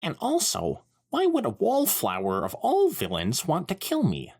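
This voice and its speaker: A man's voice: high-pitched, wildly swooping pitch, unhurried, vocal fry, darkish tone, breathy edge, pitched above the performer's own voice, full character voice. A man voicing an incredulous teenage girl heroine in a fan fiction read-aloud, exasperated and questioning.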